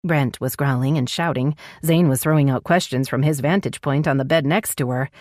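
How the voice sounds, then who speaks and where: A woman narrating an audiobook romance in a measured storytelling voice. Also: rumbling low, darkish tone, no echo, studio quality.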